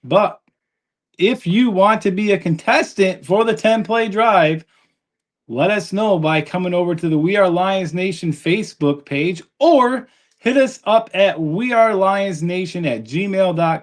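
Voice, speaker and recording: Upbeat higher-voiced male podcast host. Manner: reads viewer comments aloud, chatty and upbeat. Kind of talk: live sports podcast chat.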